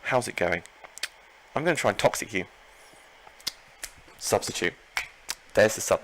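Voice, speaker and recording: A man commenting live on his own Pokémon battle, excitable, talking to himself and his opponent and repeating phrases. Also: fairly low pitch, measured pace, slight background noise, rough recording. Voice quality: gravelly.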